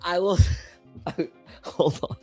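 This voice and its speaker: A man's voice: sits high, slow pace. Hyped man co-hosting a trading stream, music under. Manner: animated, hyped, slangy. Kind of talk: live-stream trading chat. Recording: faint music in the background.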